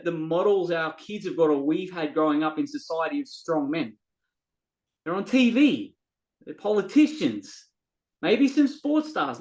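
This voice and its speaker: A man's voice: high voice, darkish tone, rough recording. A man, a guest on a podcast, talking earnestly and from the heart in a casual, story-telling way, sometimes repeating words as he looks for them. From Australia. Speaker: podcast guest, men's coach.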